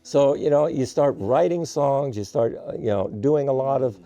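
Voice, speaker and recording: A man's voice: medium pitch, moderate pace, dark tone, no room sound, faint music behind. A man, a musician guest in an interview, telling stories in a rambling way with many "you know" fillers. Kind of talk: casual interview storytelling.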